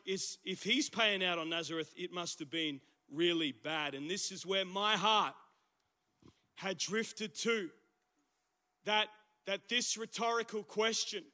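A man with an Australian accent preaching a casual, animated sermon in church, his voice husky from the flu. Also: sits high. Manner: conversational, animated preaching with slang asides. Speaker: pastor. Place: church service.

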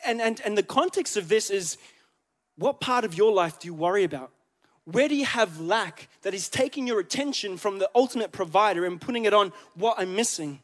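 A man's voice: high-pitched, expressive, a little fast. A man preaching a sermon to a congregation, chatty and joking, often asking the crowd questions. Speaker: pastor. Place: church in front of a congregation.

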